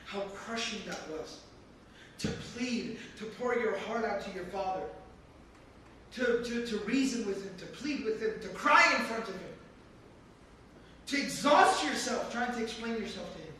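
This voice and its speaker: High-voiced man lecturing in an echoey hall. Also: expressive, a little slow, pushed and bright. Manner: emphatic, explains word by word, repeats for stress. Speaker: teacher explaining Quran verses. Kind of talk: religious lecture. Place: mosque hall. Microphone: handheld camera from across the room. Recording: echoey hall from far off, faint room noise.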